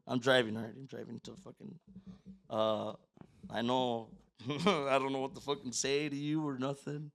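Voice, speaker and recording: A man, a podcast guest, telling a personal story in a casual, profane way, acting out his own words and swinging between loud outbursts and near-whispers. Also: medium pitch, steady tone, normal speed, vocal fry.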